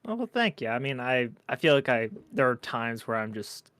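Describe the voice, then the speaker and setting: A man's voice: medium pitch, big pitch swings, normal speed, a bit bright, dry recording. A man being interviewed as a guest on a podcast, talking casually in a modest, slightly hesitant way. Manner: modest, a bit hesitant, with restarts. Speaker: guest, aspiring voice actor.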